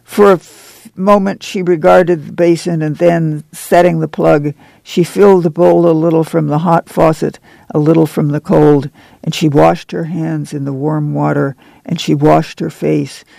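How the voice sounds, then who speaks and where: A man narrating a novel in a steady, measured way. His voice is strongly gravelly and dark, sitting a little above the usual male range. The recording is dry and close. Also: fairly high pitch, no echo. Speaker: audiobook narrator. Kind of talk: scripted narration.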